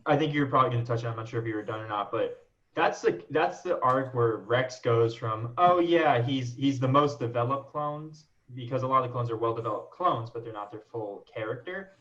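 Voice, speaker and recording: A man makes his case slowly and carefully in a relaxed podcast chat. His voice has an ordinary pitch. The recording sounds dull and lo-fi. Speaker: podcast co-host. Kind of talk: casual fan chat.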